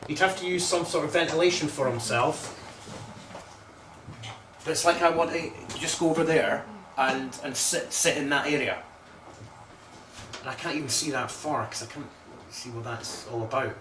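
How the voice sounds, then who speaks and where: A man acting as a medium on a ghost hunt, giving halting, searching readings and often repeating himself. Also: on the high side, echoey room, distant mic, noisy background. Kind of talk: psychic readings on a paranormal tour.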